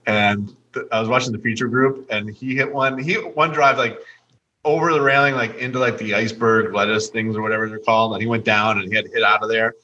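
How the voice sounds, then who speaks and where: A man's voice: lowish voice, steady tone, quick pace, bright, forceful tone, muffled recording. A man co-hosting a podcast, chatting casually about golf with a rambling, restart-heavy way of talking. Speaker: podcast co-host. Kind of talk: casual sports chat.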